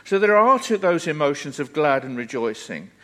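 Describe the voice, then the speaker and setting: A man's voice: a little high, very animated, normal speed, bright, forceful tone. A man preaching a sermon in an earnest, emphatic way, repeating phrases for weight.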